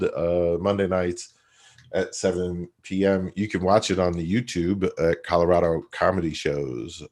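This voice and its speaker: A man hosting a live-stream comedy show in a lowish voice. He runs through the coming shows in a loose, rambling way, dropping plenty of "uh"s as he goes. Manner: rambling announcements full of fillers.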